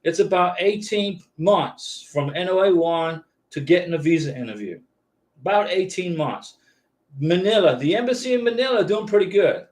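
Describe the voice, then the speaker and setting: A man's voice: high-pitched, animated, moderate pace. A man hosting a live-stream visa advice chat from a home studio, answering viewers in a casual, reassuring way and often checking in with "okay?". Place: home YouTube studio with lights.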